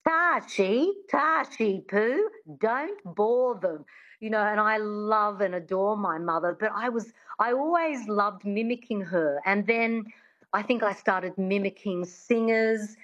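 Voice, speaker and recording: A woman's voice: mid-range voice, unhurried, fairly bright tone, highs cut off. A woman working as a dialect coach, explaining how are taught and demonstrating sounds as she goes. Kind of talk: studio interview, teaching accents.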